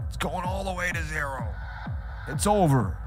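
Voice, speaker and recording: A man's voice: on the high side, fairly quick, natural voice. A man putting on a panicking small-time crypto trader, shrieking and frantic about a crash, over faint background music. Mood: panicked.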